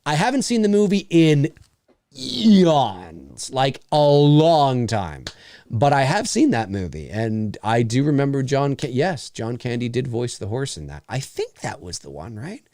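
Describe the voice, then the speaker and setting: A man's voice: medium pitch, big pitch swings, unhurried, a little mellow, dry recording, studio quality. A man in his forties co-hosting a casual live show, reading viewer messages and rambling as he searches for names. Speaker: podcast co-host reading live chat. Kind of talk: casual live commentary chat.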